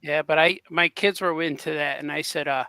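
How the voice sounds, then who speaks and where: A man's voice: a little high, fairly even intonation, fairly quick, bright, forceful tone, clear, resonant tone, no echo. A man in a casual chat, easygoing and joking.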